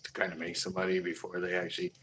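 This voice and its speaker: A man's voice: low voice, completely flat delivery, rapid-fire, a bit bright, slight background noise. A man telling a long casual anecdote, rambling with many fillers and chuckling as he goes. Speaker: storyteller.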